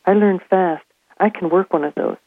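A woman's voice: fairly low pitch, moderate pace, no echo, lightly acted. A woman voicing an eager young German immigrant man looking for work, heard over a phone line. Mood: earnest.

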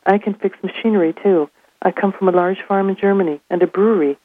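A woman's voice: mid-range voice, quick pace, no room sound, lightly acted. A woman voicing an eager young German immigrant man looking for work, heard over a phone line. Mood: earnest.

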